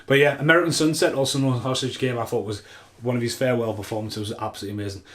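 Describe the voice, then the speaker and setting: A man's voice: mid-range voice, steady tone, very fast, a bit bright. A man hosting his channel, chatting casually in a rambling, self-mocking way. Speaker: channel host. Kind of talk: casual chat.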